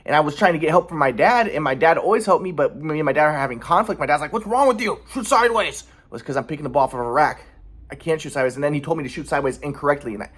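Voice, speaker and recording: A man in his thirties pours out a rambling, aggrieved monologue from his apartment. His voice sits a little high, and he talks rapidly, circling back over the same points again and again. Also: breathy edge. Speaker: vlogger. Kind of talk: monologue to camera. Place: apartment by an alleyway.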